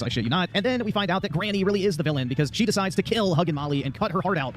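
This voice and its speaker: A man's voice: a little high, slight background noise. A man narrating a scripted game review in a sarcastic, dismissive tone.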